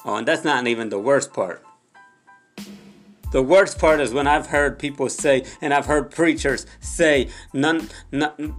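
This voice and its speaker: A young man preaching an impassioned sermon, repeating phrases and calling out to the audience, sometimes dropping into soft low prayer. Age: young adult.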